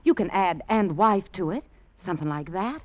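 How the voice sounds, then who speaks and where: A woman's voice: fairly low pitch, lively intonation, moderate pace, no room sound, close to an everyday voice. An actress playing a practical, scheming young woman from Virginia, talking in an urgent, persuasive way. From Virginia, United States. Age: young adult. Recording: dull lo-fi old film sound.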